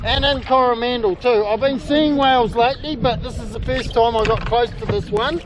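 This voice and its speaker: High-voiced excitable New Zealand man. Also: moderate pace. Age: middle-aged. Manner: excitable, exclaiming, calls out loudly. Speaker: kayak fishing host. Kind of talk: excited outdoor vlog narration. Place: on a kayak at sea, outdoors. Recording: wind and water noise.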